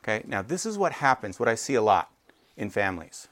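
A man in his forties preaching in an animated, conversational way who keeps checking in with his listeners. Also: on the low side, fairly quick. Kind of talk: sermon.

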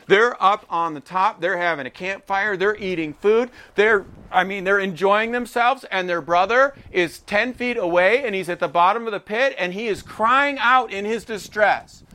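A man's voice: high-pitched, moderate pace, few pauses. A man preaching a sermon, reading scripture and acting out the voices of its people with feeling. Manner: expressive, acts out voices of the brothers. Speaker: pastor.

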